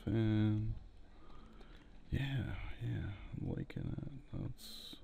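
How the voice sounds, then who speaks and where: A man giving a relaxed, rambling painting tutorial with jokey asides, talking into a headset mic. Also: on the low side, extremely slow, gravelly, a little hiss or hum. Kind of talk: casual tutorial commentary while painting. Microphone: headset mic, breathing into it.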